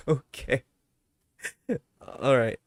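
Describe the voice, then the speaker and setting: A man's voice: medium pitch, huge pitch swings, drawn-out words, darkish tone, no echo, studio quality. A young man chatting casually on his live stream, ranting with mock anger at his chat, then laughing and apologizing.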